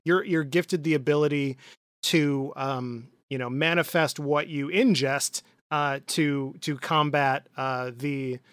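A man co-hosting a podcast in casual chat, relaxed and hesitant with many fillers. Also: a little high, slow, clear, resonant tone, dry recording, clean studio sound. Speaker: podcast co-host.

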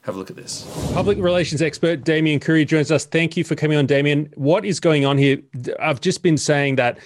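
A man's voice: on the high side, a little fast. A man hosting a satirical news talk show, announcing in a mock-official, sarcastic manner. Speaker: host.

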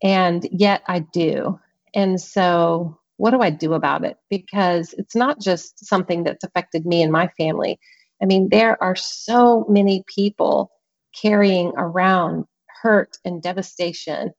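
A woman's voice: lowish voice, steady tone, measured pace, dull audio. A woman author as a podcast guest, speaking earnestly and with emphasis, repeating words to stress a point. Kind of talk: podcast interview conversation.

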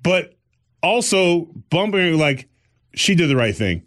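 A man's voice: on the high side, very animated, slow pace, fairly bright tone, no echo, clean studio sound. A middle-aged man co-hosting a podcast, telling a story in casual chat and acting out other people's voices. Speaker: podcast co-host.

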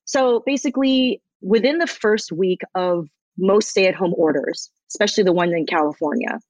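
A woman's voice: mid-range voice, moderate pace, darkish tone, no echo, poor audio. A woman guest telling a story in a casual interview, acting out quotes and swearing casually. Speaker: guest, comedian and activist.

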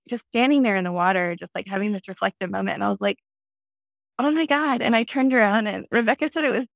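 A woman in her thirties, a podcast guest, telling a personal story in a lively way and acting out her own past lines. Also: gravelly, no room sound. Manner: animated, acts out her own past lines in a high excited voice. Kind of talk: conversational storytelling.

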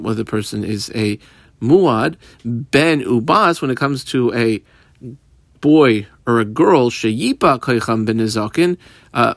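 A man teaches a Talmud page, translating each phrase as he goes. His voice sits at an ordinary middle pitch, and the recording is dry and close, with no room sound. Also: dry recording. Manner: explains each Aramaic phrase in English, steady teaching cadence. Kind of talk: daf yomi Talmud lesson.

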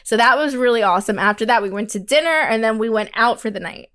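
A woman co-hosting a podcast, telling a story in casual chat, animated, acting out quotes, swearing and laughing often. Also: fairly high pitch, fast, clean tone. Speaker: podcast co-host.

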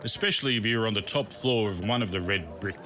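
A man's voice: lowish voice, fast talker, crowd noise. A man hosting and narrating his own comic memoir in a wry, self-mocking storytelling manner. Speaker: podcast host and narrator.

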